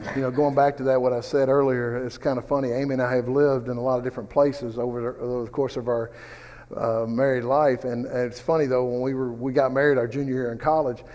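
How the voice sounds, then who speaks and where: A man teaches a Bible study in a relaxed, rambling way, drifting into personal stories and asides. His voice sits at an ordinary pitch. A long reverb trails after his words in the church classroom. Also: quick pace.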